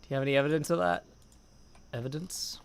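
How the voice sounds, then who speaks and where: A man's voice: mid-range voice, expressive, moderate pace, vocal fry, fairly bright tone. A man chatting casually on a gaming livestream at his desk mic, rambling, reading chat aloud and humming to himself. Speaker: streamer.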